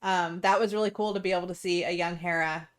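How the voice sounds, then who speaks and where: A young woman co-hosts a podcast, chatting with eager enthusiasm and taking time to explain details. Her voice sits somewhat low. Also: fairly even intonation, quick pace. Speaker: podcast co-host. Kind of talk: casual chat.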